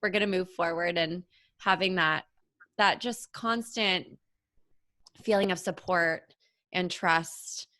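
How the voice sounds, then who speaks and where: Bright-voiced woman podcast host. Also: lowish voice, fairly even intonation, slow, pauses often, no room sound. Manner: eager, affirming, storytelling. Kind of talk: casual conversational interview.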